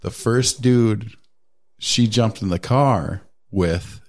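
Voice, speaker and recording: A man telling a story in casual chat, animated and swearing, acting out other people's voices in quotes. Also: on the low side, takes it slowly.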